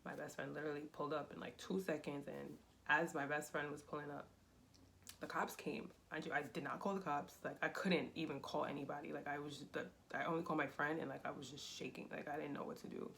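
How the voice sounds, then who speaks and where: A young adult woman, telling a personal story in a casual, animated vlog style with lots of fillers. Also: sits low, fast, gravelly, slight background noise. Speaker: vlogger.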